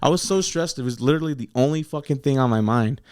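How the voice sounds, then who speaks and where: A man in a casual interview, telling his story bluntly with plenty of swearing. His voice is smooth and clear, recorded close and dry with no room sound. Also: medium pitch, fast talker, a little mellow, dry recording. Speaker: battle rapper guest.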